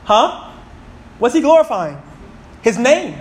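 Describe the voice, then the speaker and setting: A high-voiced man in his thirties delivers an animated sermon in a church. He reads scripture aloud slowly and throws questions out to the congregation. A faint hum of the room sits behind him. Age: 30s. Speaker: preacher.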